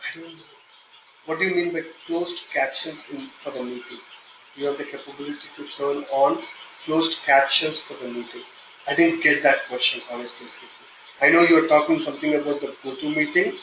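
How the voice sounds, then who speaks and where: A man with an Indian accent teaching a live online software testing class, explaining step by step and checking in with "okay?". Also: a little high, roomy sound, highs cut off, noisy background. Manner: explanatory, repeats "okay?" often, hesitant fillers when flustered. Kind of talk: live online training session.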